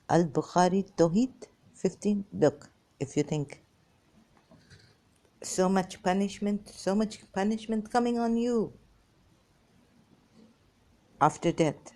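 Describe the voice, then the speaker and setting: Woman, non-native English, deep voice, warm mellow tone, rambling emphatic monologue. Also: lively intonation, takes it slowly, long pauses. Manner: emphatic, repetitive, swinging between muttering and exclaiming. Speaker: religious commentary channel host. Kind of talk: rambling monologue, reading scripture passages aloud.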